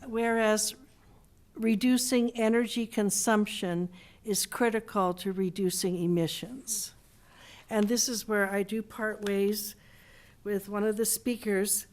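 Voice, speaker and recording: A woman council member at a city council meeting, talking in a halting way with many restarts and slowing down to read from a text. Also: mid-range voice, a little mellow. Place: council chamber.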